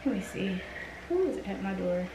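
A woman's voice: mid-range voice, sing-song, normal speed, background noise. A young woman vlogging casually from her home kitchen, chatting to herself as she cooks. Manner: chatty, talks to herself while cooking. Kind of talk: casual cooking vlog chat.

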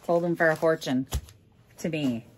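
Woman, middle-aged, from Minnesota, casual reseller vlog, chatty, candid, fairly low voice. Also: moderate pace, noisy background. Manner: chatty, candid, joking asides. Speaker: reseller vlogger. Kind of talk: casual chat.

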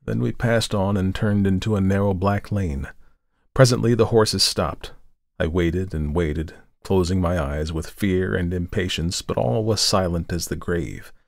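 A man with a low, deep voice reads a story aloud in a measured, dramatic way. The sound is dry and close, with no room echo at all. It has the steady feel of a careful audiobook narration. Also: creaky.

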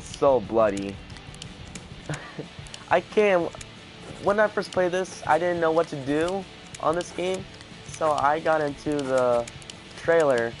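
Excitable man doing game commentary. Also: mid-range voice. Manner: excitable, panicky exclamations, repeats himself. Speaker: gaming video host. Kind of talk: casual let's play commentary.

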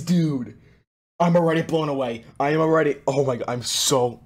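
A young man reacting excitedly to a music game, with gasps and frequent exclamations. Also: medium pitch, a little fast. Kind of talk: casual reaction commentary. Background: game music playing.

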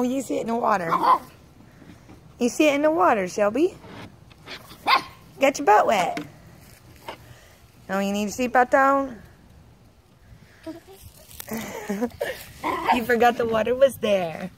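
A woman's voice: a little high, lively intonation, slow, pauses often, noisy background. A woman talking to a toddler outdoors in sing-song, coaxing baby talk, repeating simple words. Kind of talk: home video baby talk. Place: outdoors in a yard.

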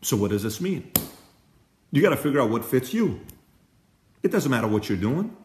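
A man's voice: medium pitch, normal speed. A man hosting and giving a motivational talk, telling stories in an emphatic and direct way. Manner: emphatic storyteller, lively and direct. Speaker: host. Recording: echoey room.

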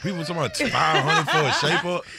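A man's voice: on the high side, sing-song, fast talker, gravelly, over a noisy crowd. A man chatting casually on a radio show in a laid-back, slangy way. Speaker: rapper guest. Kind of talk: casual chat. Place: radio studio.

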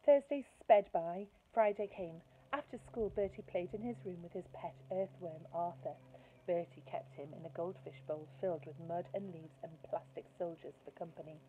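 A woman teacher reading a children's book aloud in a lively storytelling manner, asking her listeners questions. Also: on the low side, moderate pace. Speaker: primary school teacher. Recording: tinny phone-like sound, faint hiss.

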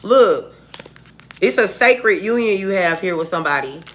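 Bright-voiced woman giving a profane tarot reading. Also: mid-range voice, expressive, normal speed, slight background noise. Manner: blunt, profane, heated street talk. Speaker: tarot reader. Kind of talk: casual tarot reading to viewers.

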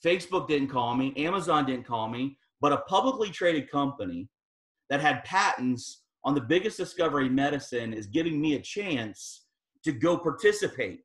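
A man giving an energetic motivational talk as guest speaker, telling his story with emphatic peaks. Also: a little high, normal speed. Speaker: guest speaker at team training. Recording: echoey room.

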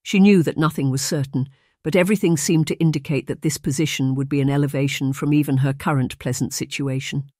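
A man narrating a period romance audiobook in a measured storytelling manner on a close microphone. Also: fairly high pitch, fairly even intonation, darkish tone, no room sound. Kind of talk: scripted narration.

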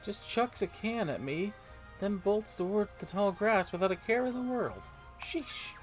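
A man's voice: sits high, animated, normal speed, soft background music. A man playing a video game and commenting casually, playfully reading the game's lines aloud in silly voices. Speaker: let's play gamer. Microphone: desk microphone at a computer.

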